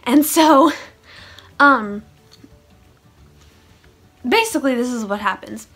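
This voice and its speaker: A woman's voice: fairly high pitch, animated, takes it slowly, a bit bright, breathy edge, soft background music. A woman chatting through a funny storytime vlog, with sarcastic asides. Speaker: vlogger. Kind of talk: casual storytime monologue.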